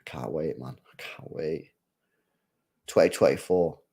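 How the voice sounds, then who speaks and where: A young man with a deep bass voice, gravelly and husky with a dark tone, speaks at a measured pace. He's hosting a live football watchalong, chatting casually with viewers in slang and rambling with restarts as he gives casual match commentary.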